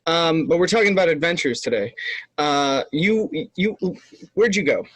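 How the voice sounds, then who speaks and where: A man with a notably high voice co-hosts a casual podcast chat, teasing and laughing often. The sound is very dry and close. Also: lively intonation, moderate pace, fairly bright tone, dry recording, low-quality recording. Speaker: podcast co-host.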